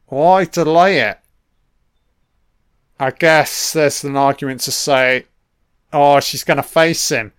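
A man's voice: on the high side, takes it slowly, long pauses, a bit bright, clean tone, no echo, studio quality. A man giving a casual, blunt film commentary, swearing constantly and full of opinions.

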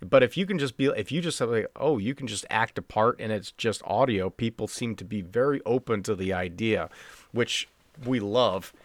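A man's voice: on the low side, normal speed, dry recording. A man hosting a casual podcast chat, rambling with lots of fillers and restarts. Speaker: podcast host.

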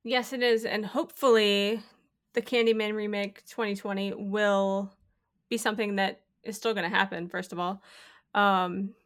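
A woman's voice: mid-range voice, steady tone, normal speed, fairly bright tone. A woman co-hosting a podcast in casual chat, thoughtful and a little hesitant. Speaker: podcast co-host.

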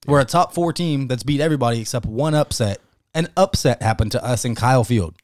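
A man co-hosting a casual sports podcast, talking in a profane, emphatic and animated way. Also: medium pitch, brisk, dry recording, studio quality. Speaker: podcast co-host.

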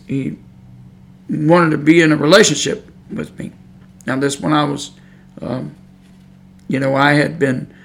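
A man's voice: a little high, vocal fry. A man teaching from the Bible on a podcast, preaching earnestly and emphatically, often repeating himself for stress. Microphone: podcast microphone.

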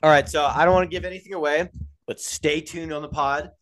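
A fairly high-voiced young man co-hosting a podcast in loose, casual chat. He talks with animated energy and swears freely. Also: fairly quick. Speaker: podcast co-host.

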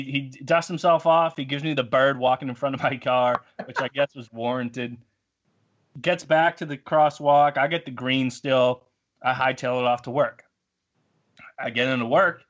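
A man's voice: medium pitch, a bit bright, highs cut off. Rambling young man telling a story. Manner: rambling, self-mocking. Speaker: podcast co-host. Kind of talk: casual storytelling.

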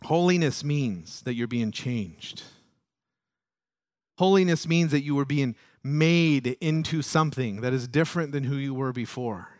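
Dry-sounding pastor preaching with big swings. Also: male voice, dry recording. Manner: rises loud and high when stirred, drops low and soft to reflect; acts out quoted prayers and voices. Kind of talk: sermon.

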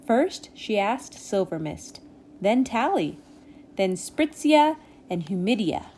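A woman reading a children's storybook aloud in a gentle, expressive way. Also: medium pitch, slow, a little hiss or hum. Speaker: storybook reader.

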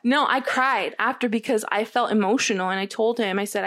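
A woman's voice: a little high, a little fast, fairly bright tone. A young woman co-hosting a casual chat, telling a long story in a rambling way with many fillers and quoted lines. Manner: rambling, filler-heavy, quotes others a lot. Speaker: podcast co-host.

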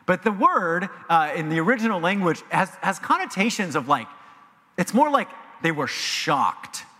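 Animated preacher with a bright voice. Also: male voice, sits high, moderate pace. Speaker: pastor. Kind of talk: sermon. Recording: long reverb of a large hall.

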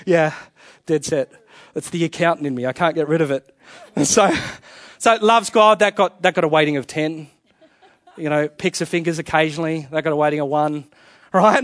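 A man's voice: on the high side, normal speed, no room sound, clean studio sound. A young adult man, preaching a conversational sermon with humor, often repeating and restarting his words. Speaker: pastor.

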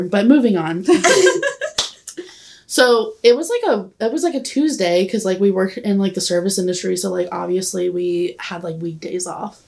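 A woman's voice: mid-range voice, vocal fry, a little mellow. A young woman in her twenties telling a long story in casual chat, rambling and giggly, saying "like" constantly. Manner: rambling, giggly, heavy use of "like". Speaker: podcast guest.

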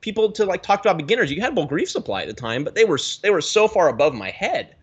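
Animated man telling stories, dull sound. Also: quick pace, slightly rough. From Pacific Northwest US. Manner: animated storyteller, lively swings in pitch. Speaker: guest, reef aquarium YouTuber. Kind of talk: casual interview chat.

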